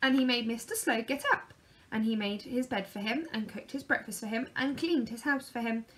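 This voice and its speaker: A woman reading a children's picture book aloud in a lively, expressive way. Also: fairly high pitch, moderate pace. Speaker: storyteller.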